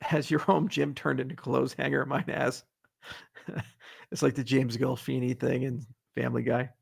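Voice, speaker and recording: A man's voice: mid-range voice, flat delivery, normal speed, gravelly, breathy edge. A middle-aged man hosting a casual livestream Q&A, answering viewer questions in a blunt, sarcastic and profane way. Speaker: host.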